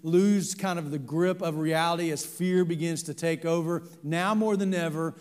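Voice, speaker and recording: Earnest pastor preaching in a reverberant church. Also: male voice, fairly high pitch, steady tone, moderate pace. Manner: earnest, with many fillers and restarts. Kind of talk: sermon. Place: church sanctuary.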